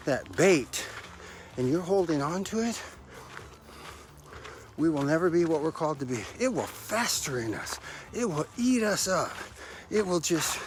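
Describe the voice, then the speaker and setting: A man's voice: fairly high pitch, noisy background. Breathless, emphatic male motivational coach. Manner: emphatic, preachy, repeats key phrases. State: out of breath from running stairs. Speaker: motivational podcast host and life coach. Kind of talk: motivational podcast talk.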